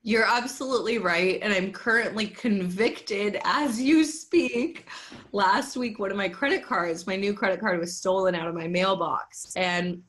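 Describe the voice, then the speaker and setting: A woman's voice: mid-range voice, measured pace, fairly bright tone. Lady on a podcast, thoughtful, earnest, says like a lot. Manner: thoughtful, earnest, many fillers like "like" and "right". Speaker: podcast co-host. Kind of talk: casual reflective podcast chat.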